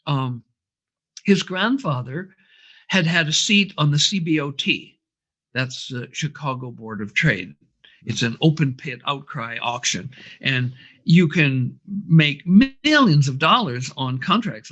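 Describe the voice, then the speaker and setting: Guy spinning a long story with lots of uhs and ums, voice a bit high, kinda dull lo-fi sound. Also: sharp tone. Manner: anecdotal, frequent fillers. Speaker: brainwave training instructor. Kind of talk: storytelling interview answer.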